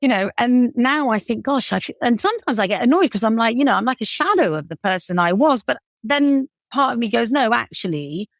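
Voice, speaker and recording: This British-accented woman from England, in her forties, is a cake business founder guesting on a podcast. She pokes fun at herself and fills her speech with fillers, her slightly high voice lively in intonation, brisk and almost pause-free. The audio is clean studio quality with no echo.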